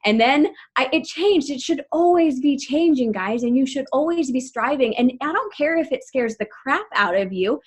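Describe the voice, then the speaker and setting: A woman in her thirties leads a team call as a motivational coach. Her voice sits slightly high, and she speaks in an upbeat, emphatic way with frequent laughter. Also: expressive, moderate pace, few pauses, husky.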